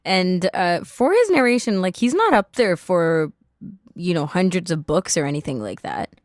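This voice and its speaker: A woman's voice: lowish voice, animated, moderate pace, dry recording, clean studio sound. A woman co-hosting a podcast, asking curious questions with enthusiasm in casual chat. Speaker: podcast co-host.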